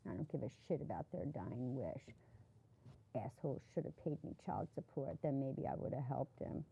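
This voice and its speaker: A woman playing a brash, combative welfare mother in her thirties with a New Jersey accent and a raspy voice. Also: a bass voice, animated, moderate pace, warm tone, lo-fi sound, a little hiss or hum, exaggerated voice. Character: brash tough-talking welfare mom, 30s. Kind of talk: comedy sketch acting.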